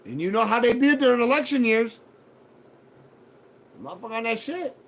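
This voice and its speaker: Profane storytelling man with a high voice. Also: moderate pace, slight background noise. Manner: profane, animated retelling with acted quotes. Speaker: show host telling a personal story. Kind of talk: casual storytelling.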